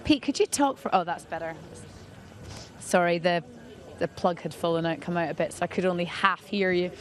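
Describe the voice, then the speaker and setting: A woman's voice: lowish voice, brisk, a little hiss or hum. A Scottish woman presenting and rehearsing a live broadcast, chatty and self-deprecating, out in a busy city square. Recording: loud crowd outdoors.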